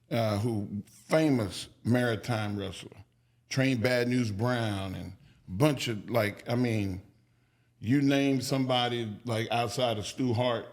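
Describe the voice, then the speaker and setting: A man telling stories as a podcast guest, casual and profane, acting out the people he quotes. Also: on the low side. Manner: animated, acts out quoted people with raised voice. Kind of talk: storytelling in a podcast interview.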